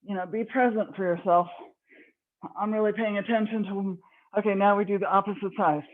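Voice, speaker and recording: Breathy woman coaching a workout, tinny audio. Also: medium pitch, steady tone, a little fast. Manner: encouraging, cueing and counting reps. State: slightly out of breath. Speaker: fitness instructor. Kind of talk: leading a live online workout class. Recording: tinny phone-like online call audio.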